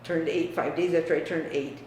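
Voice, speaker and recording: An older woman from the US Midwest, reminiscing about her family in a frank, emphatic way that often drops quiet. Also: low-pitched, steady tone, brisk. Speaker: interviewee. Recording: echoey room, distant mic, faint hiss.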